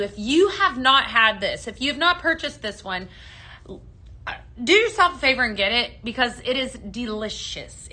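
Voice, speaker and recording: A woman's voice: fairly high pitch, pushed and bright. A woman hosting a daily live-selling stream for home fragrance, chatting casually and greeting viewers by name as she mixes blends. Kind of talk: live shopping stream chat.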